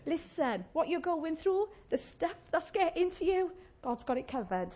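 Lively, jokey woman preacher. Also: very high voice, moderate pace. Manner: chatty, jokey, acts out complaining voices. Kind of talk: humorous sermon.

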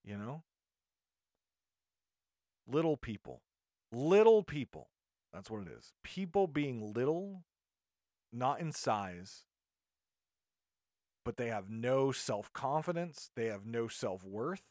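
Podcast guy venting, fired up and rambly, mid-pitch voice, dry close sound. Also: big pitch swings, slow pace, pauses often, darkish tone, no room sound. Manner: indignant, rambling with frequent restarts. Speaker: podcast host. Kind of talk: podcast monologue rant.

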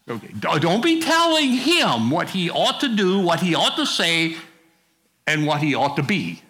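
A man's voice: a little high, very animated, unhurried, sharp tone. A middle-aged male pastor preaching a sermon in a folksy, conversational way, with casual asides to the congregation.

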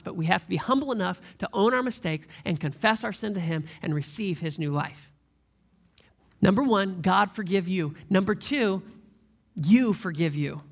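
A man's voice: high-pitched, vocal fry. A man preaching a sermon as a pastor, telling stories in a conversational way and asking the congregation rhetorical questions.

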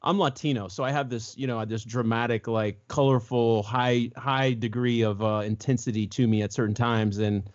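A man co-hosting a casual chat, telling a family story and lively acting out the voices of the people in it. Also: mid-range voice, moderate pace, hardly any pauses, highs cut off. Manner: animated, jumps into voices when quoting others. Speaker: co-host.

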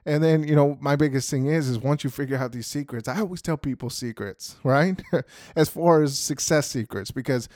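A man's voice: mid-range voice, moderate pace, a little mellow, no room sound, clean studio sound. A man hosting a podcast, giving a casual motivational talk and often asking "right?" to the listener. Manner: casual, repeats "you know" and "right?" often. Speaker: podcast host.

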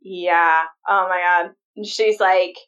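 A woman's voice: lowish voice, steady tone, slow pace, a bit bright, distant mic, muffled recording. A young adult woman co-hosting a podcast in casual chat, giggly and explaining behind-the-scenes details. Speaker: podcast co-host.

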